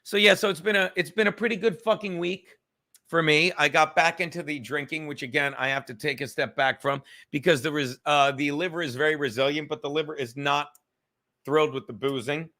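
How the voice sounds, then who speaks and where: A fairly high-pitched man with a bright, tense edge to his voice, hosting a casual livestream from home. He rambles loosely and swears freely, joking as he goes. The talk feels offhand and unscripted. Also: fairly even intonation, brisk. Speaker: comedian and livestream podcast host. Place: at home in a cluttered room.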